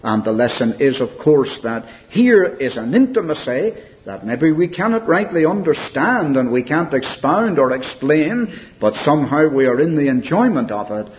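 A man preaching a sermon in an earnest, reflective way, softening and slowing when he quotes scripture. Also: fairly high pitch, sing-song. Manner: earnest, reflective preaching with soft, slowed quotations. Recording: dull lo-fi recording with faint hiss.

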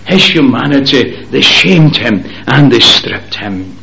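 A male preacher delivers a sermon with a gravelly, rough-edged voice at a slow, deliberate pace. He swings between ringing, lifted exclamations and near-whispered hushes, pressing each phrase home. A faint hiss sits under the voice. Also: medium pitch, animated.

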